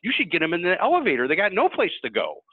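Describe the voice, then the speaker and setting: A man voicing an excited, loud woman activist who calls out eagerly on a train, heard over tinny call audio. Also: fast talker, slightly rough, no room sound, full character voice. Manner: shrill, calling out eagerly.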